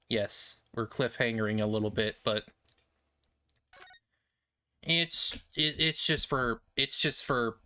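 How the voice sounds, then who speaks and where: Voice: medium pitch, bright, forceful tone, smooth. A streamer chatting casually and a bit rambly on a live stream.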